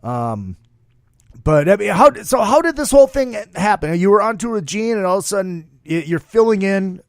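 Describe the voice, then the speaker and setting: Animated storytelling male host. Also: high voice, normal speed, no echo, studio quality. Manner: animated storyteller, swears freely. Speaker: radio show host. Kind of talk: casual interview chat.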